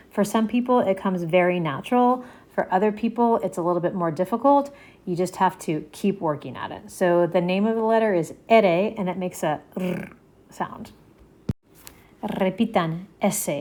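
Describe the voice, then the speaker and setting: A woman's voice: medium pitch, a little mellow. A woman teaching a Spanish alphabet lesson, saying each letter twice and explaining its sound step by step. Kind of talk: slow, patient alphabet lesson.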